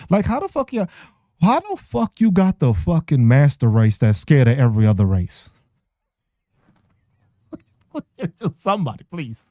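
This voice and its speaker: Man, podcast host, profane rant, laughs often, mellow voice, dry close sound. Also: fairly high pitch, dry recording. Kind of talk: casual ranting monologue.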